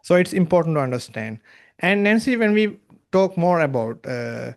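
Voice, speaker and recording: A man hosting a business podcast, speaking haltingly with many filler pauses before asking his guest questions. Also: a little high, big pitch swings, gravelly, darkish tone. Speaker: podcast host. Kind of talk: interview hosting.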